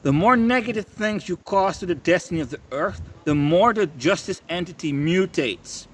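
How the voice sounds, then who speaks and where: A man's voice: high-pitched, expressive, moderate pace. A young man ranting in a monologue. He swears a lot, stammers and keeps repeating himself. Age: young adult. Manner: profane, stammering, repetitive.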